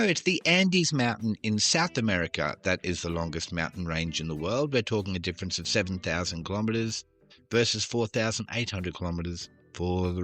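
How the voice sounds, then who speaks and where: A man's voice: on the low side, bright, forceful tone. A man hosting a trivia podcast, reading questions with jokey, self-deprecating asides. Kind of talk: casual quiz podcast.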